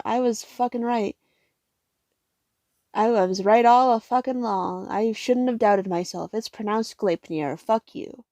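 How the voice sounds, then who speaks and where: A tired young woman rambling casually through a manga haul, swearing often and getting excitable. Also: on the high side, unhurried, no echo.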